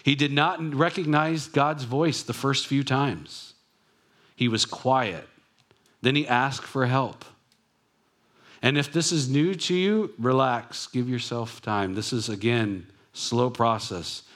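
A man's voice: mid-range voice, takes it slowly, fairly bright tone. A man in a mid-range voice preaches a sermon. He talks conversationally and reflects aloud, mixing scripture with personal asides. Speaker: pastor.

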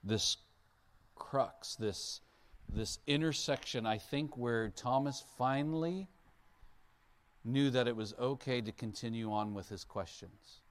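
A man's voice: mid-range voice, slow. A man preaching a sermon as a pastor in a conversational way, asking the listeners questions. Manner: conversational, asks the audience questions; acts out Bible figures in playful voices.

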